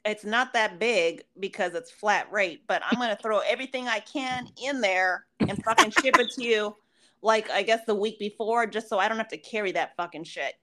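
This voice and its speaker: A woman co-hosting a casual podcast, talking bluntly with lots of swearing and quick interjections. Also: medium pitch, bright, forceful tone, a little hiss or hum. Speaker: podcast co-host. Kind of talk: casual profane chat.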